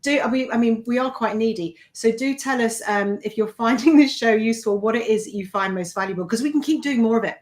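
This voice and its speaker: A woman's voice: a little high, fast, few pauses, darkish tone. A woman, an executive coach hosting a live online show, chatting casually with fillers and self-deprecating asides. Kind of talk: casual live-stream chat.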